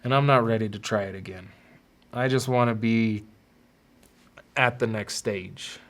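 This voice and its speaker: A man with a lowish, slightly bright voice and a steady tone hosts a podcast, opening up in a confessional personal monologue. Often halting, he repeats words while reaching for what to say.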